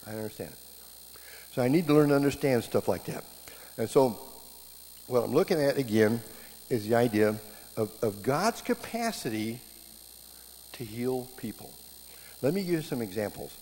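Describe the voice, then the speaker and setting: A middle-aged man giving a sermon, telling stories with lively quoted voices. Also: medium pitch, normal speed, long pauses. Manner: animated storytelling, voices quoted speakers. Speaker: preacher teaching marriage classes. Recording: long hall reverb, faint background noise.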